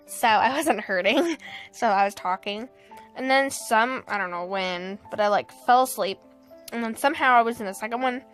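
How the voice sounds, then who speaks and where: A young woman with a slightly high voice tells a story in a loose, chatty vlog way. She keeps breaking into laughter and acts out the lines people said to her. Soft music plays faintly under her voice. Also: normal speed. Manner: animated, laughs often, quotes people.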